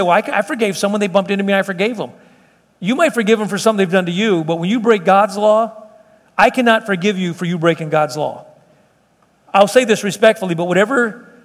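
With a high voice and a long reverb trailing behind him, a middle-aged pastor preaches in a church meeting room. His manner is sincere and conversational, and he often begins sentences again.

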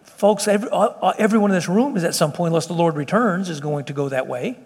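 A man's voice: high voice, fast, a little mellow, breathy edge, long reverb tail. A middle-aged man preaching a sermon in an earnest, conversational way, often restarting his sentences. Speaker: pastor. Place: church meeting room.

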